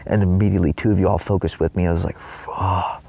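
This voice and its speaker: A man's voice: low voice, steady tone, very fast, creaky, dark tone. A man giving a rambling spiritual monologue in his trailer, swearing often and acting out his own past cries. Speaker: spiritual vlogger.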